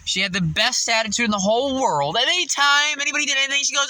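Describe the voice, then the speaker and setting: A man's voice: very high voice, big pitch swings, fast, few pauses, sharp tone, no echo, low-quality recording. A man telling a casual, profane story about coworkers, laughing often and acting out their voices. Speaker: fast-food worker venting.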